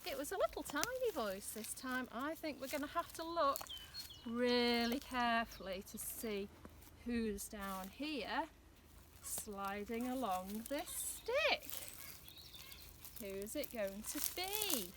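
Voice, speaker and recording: Woman, children's presenter, high voice, slow sing-song delivery. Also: expressive, background noise. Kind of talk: children's play activity narration.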